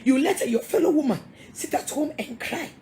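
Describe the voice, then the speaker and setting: Ghanaian lady pastor, high voice, scolds and laughs a lot, repeats herself. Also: animated, normal speed, dark tone, slight background noise. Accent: Ghanaian English. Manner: emphatic, scolding, repeats words, laughs often. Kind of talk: sermon-style counselling talk.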